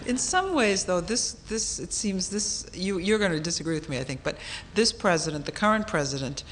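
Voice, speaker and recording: A woman moderating an audience Q&A at a public talk, talking in a brisk, conversational way. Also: lowish voice, expressive, a little hiss or hum. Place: auditorium stage.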